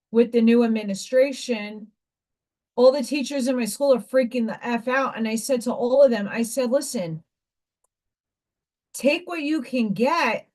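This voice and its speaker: A woman's voice: on the high side, a little mellow. A woman hosting a casual livestream, talking in a rambling, emphatic way and greeting viewers by name between her points. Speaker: livestream host and school teacher.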